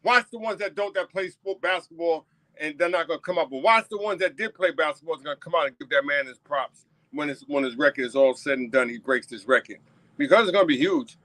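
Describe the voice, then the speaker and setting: A man's voice: fairly high pitch, fast talker, fairly bright tone, no room sound, rough recording. Emphatic New man riffing solo. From New York. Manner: emphatic, repetitive, addresses viewers directly. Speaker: talk show host. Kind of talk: casual solo commentary.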